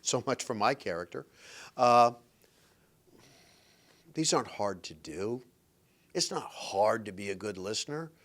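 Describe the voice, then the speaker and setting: A man's voice: on the low side, expressive, measured pace, long pauses, fairly bright tone. A middle-aged man hosting a podcast, giving relationship advice in an emphatic, blunt, preachy motivational monologue. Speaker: podcast host and relationship coach.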